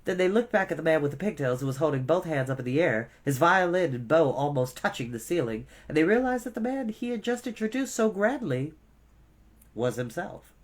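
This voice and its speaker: A man's voice: on the high side, lively intonation, brisk. A man reading a children's novel aloud as a storyteller, adding asides to his listeners.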